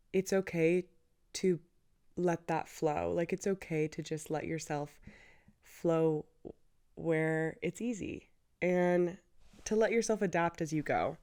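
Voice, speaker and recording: A woman's voice: low voice, darkish tone. A woman in her twenties hosting her own show, telling a personal story in a candid, chatty, emotional way, with many "like"s and "you know"s. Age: 20s. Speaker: podcast host.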